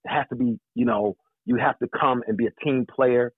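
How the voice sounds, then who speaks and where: Man, 60s, interview guest, animated joker, husky, phone-like sound. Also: medium pitch, moderate pace, dry recording. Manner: animated, joking storyteller. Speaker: actor, guest. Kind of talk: casual interview chat. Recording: tinny phone line.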